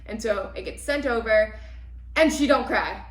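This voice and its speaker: A woman co-hosting a casual book podcast, retelling the plot in long, animated run-on recaps. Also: on the high side, normal speed, roomy sound. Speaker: podcast co-host. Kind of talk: casual book club chat.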